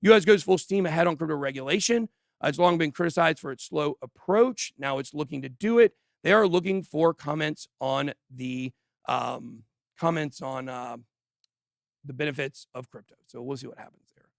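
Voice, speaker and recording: A man hosts a crypto livestream from a studio, giving casual commentary in an animated, joking way and talking straight to his viewers. His voice sits a little high with a gravelly edge. The sound is dry and close. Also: normal speed, dry recording. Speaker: crypto channel host.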